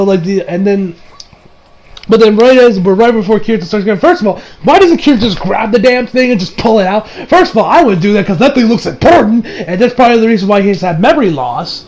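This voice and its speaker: A man's voice: high voice, a little mellow, slight background noise, poor audio. A man casually recapping an anime episode, rambling with many fillers and briefly acting out the characters' lines. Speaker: anime reviewer.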